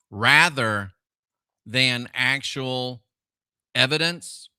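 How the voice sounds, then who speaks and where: A man's voice: medium pitch, lively intonation, slow pace, long pauses, pushed and bright, smooth, no room sound, studio quality. A middle-aged man hosting a live stream, talking through religious questions with viewers and asking rhetorical questions as he goes. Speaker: livestream host.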